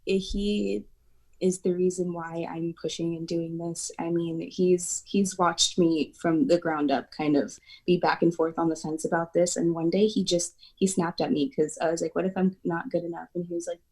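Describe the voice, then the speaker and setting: A woman's voice: lowish voice, level tone, normal speed, a little mellow. A woman guest on an acting podcast, talking in a heartfelt, emotional way. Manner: emotional, heartfelt, speaks of near tears. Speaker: podcast guest, aspiring actor. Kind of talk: casual chat.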